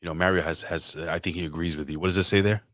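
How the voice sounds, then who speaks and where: A man's voice: deep voice, fairly even intonation, rapid-fire, a bit bright, no echo, clean studio sound. A man from New York City co-hosting a podcast, ranting casually and swearing constantly. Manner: profane ranting. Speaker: podcast co-host. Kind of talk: casual chat.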